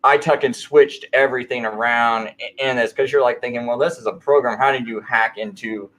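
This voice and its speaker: A man shares a personal story in an easygoing late-night chat, talking fairly quickly with fairly even intonation. His middle-pitched, slightly bright voice meanders and restarts, leaning heavily on filler words.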